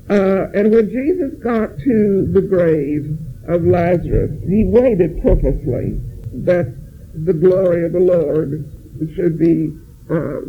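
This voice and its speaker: A man's voice: high voice, slight background noise. A man teaching a Bible study, earnestly reading scripture aloud with emphasis and explaining it to his class. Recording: tinny phone-like line.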